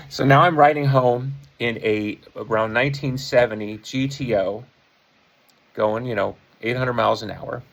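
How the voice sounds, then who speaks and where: A man's voice: mid-range voice, steady tone, unhurried, gravelly, long pauses, low-quality recording. A man in his fifties from the Chicago area, telling a casual anecdote in a rambling, self-correcting way with chuckles. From Chicago area, USA. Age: 50s. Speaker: rock musician. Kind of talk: casual anecdote told to camera.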